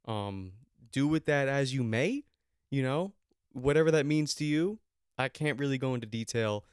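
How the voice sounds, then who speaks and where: A man's voice: medium pitch, lively intonation, moderate pace, clear, resonant tone, no room sound, clean studio sound. A young man hosting a podcast, telling a rambling, profane story with mock outrage. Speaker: podcast host. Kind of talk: comedic storytelling chat.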